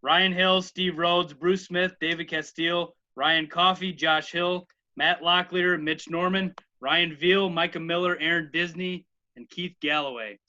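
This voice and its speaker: Brief: earnest podcast co-host from the Chicago area, very bright and higher-pitched, lo-fi sound. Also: male voice, fairly even intonation, unhurried. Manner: earnest, grateful, rattles off names. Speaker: podcast co-host, former college outfielder. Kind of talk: casual podcast chat. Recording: dull lo-fi audio.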